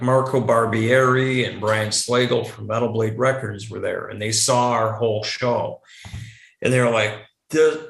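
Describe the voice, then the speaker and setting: A man's voice: medium pitch, creaky, a bit bright. A man in his forties, a metal guitarist guest telling band stories in a casual, rambling way and swearing a lot. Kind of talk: casual storytelling chat. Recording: echoey room.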